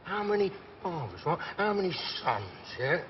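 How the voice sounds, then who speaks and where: An actor playing a volatile middle-aged gangster, rambling and profane. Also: male voice, high voice, very animated, normal speed. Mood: ranting. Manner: rambling, profane, swings between mumbling and shouting. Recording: muffled series audio, echoey hall, faint hiss.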